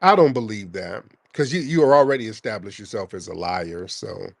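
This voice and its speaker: A man with a fairly low, animated voice hosts a call-in podcast, talking a little fast with some vocal fry and no echo. He argues with a caller in a combative, mocking way, repeating his questions during the heated exchange.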